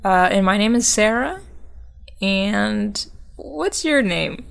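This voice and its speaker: A woman co-hosting a casual podcast over a call, playful and quick to laugh, with a scratchy throat. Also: medium pitch, expressive, gravelly. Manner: playful, laughs often, jokey. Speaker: podcast co-host. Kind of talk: casual chat. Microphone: remote call.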